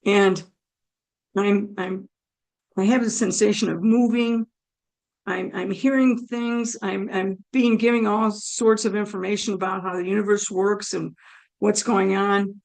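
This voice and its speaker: A woman speaks with a hoarse, gravelly voice, the strain of a damaged throat plain in every phrase. Her pitch sits in the middle range. She tells her story in an animated way, slipping into quoted asides as she acts out what she thought at the time. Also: unhurried, poor audio. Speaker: guest telling her near-death story. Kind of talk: personal storytelling.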